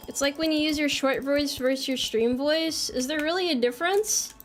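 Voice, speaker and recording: A young woman with a bright, high voice chats loosely as she plays a game on stream, teasing herself and answering chat. Her American speech is quick to joke, and faint music runs behind her. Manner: playful, self-mocking, reads chat messages aloud. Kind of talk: casual live-stream chat while gaming.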